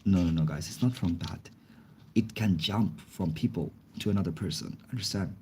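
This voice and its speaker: A young man with a deep, mellow voice and a slight head cold talks casually on a livestream, answering chat in non-native English full of small grammar slips. A faint hiss sits under his voice. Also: normal speed. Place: indoors, face not shown.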